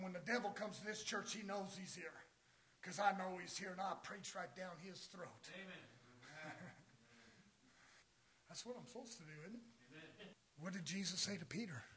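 A male preacher delivering a fiery sermon in a church, blunt and confrontational, swinging from shouting to hushed near-whispers. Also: high voice, normal speed, pauses often, slightly rough. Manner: blunt, confrontational, repeating phrases.

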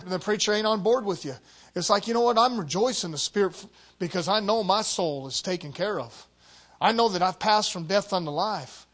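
A man preaching a passionate sermon that swings between loud peaks and hushed lines. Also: sits high.

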